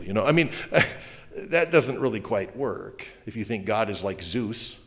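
A man's voice: fairly low pitch, animated, measured pace. Male pastor, conversational preaching style, joking asides, long hall reverb. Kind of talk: sermon.

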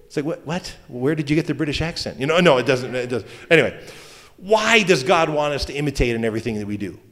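A man's voice: medium pitch, lively intonation, fast, fairly bright tone. Male pastor, conversational preaching style, joking asides, long hall reverb. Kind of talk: sermon.

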